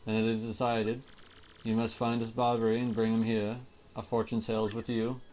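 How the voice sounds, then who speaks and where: A man's voice: on the low side, completely flat delivery, normal speed, darkish tone, natural voice. A man voicing a pompous, vain male ship-owner in a video game, declaiming grandly and theatrically. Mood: commanding.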